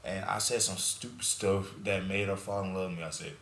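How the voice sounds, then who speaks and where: A young man with a very low voice tells a personal story in loose, slangy chat. He sounds like a podcast host giving frank advice. The room is echoey, with a faint hiss behind him. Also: steady tone, fairly quick, a bit bright. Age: young adult. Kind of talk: casual chat.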